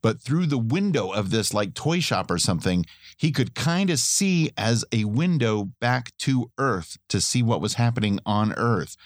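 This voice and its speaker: A man's voice: on the low side, dry recording, clean studio sound. A middle-aged man co-hosting a podcast in casual chat, rambling and chatty, laughing often. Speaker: podcast co-host.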